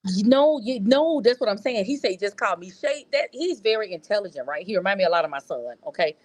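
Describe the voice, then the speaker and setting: A woman's voice: mid-range voice, big pitch swings, brisk. A middle-aged woman from North Louisiana calling in to a casual chat, talking earnestly and often repeating words as she searches for them. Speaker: caller.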